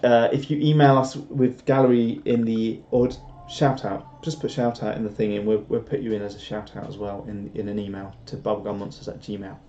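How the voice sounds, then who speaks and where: A man's voice: on the low side, little pitch movement, brisk, hardly any pauses, dark tone, slight background noise. A British man hosting a casual live stream and chatting through viewer comments in a rambling, self-deprecating way, chuckling often. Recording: dull lo-fi stream audio.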